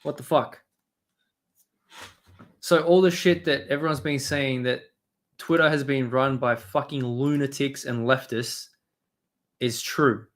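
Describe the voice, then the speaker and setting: A man's voice: mid-range voice, steady tone, unhurried, long pauses. A man hosting a live stream, rambling and swearing as he reads and answers his chat. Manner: rambling, profane, talks to chat. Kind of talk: casual live-stream commentary.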